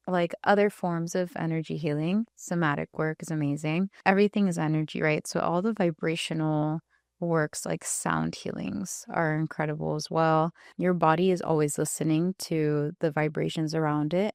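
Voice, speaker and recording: A woman's voice: low voice, gravelly, smooth, no room sound, studio quality. A woman being interviewed as a spiritual coach and energy healer, explaining earnestly in casual chat with many "like" fillers.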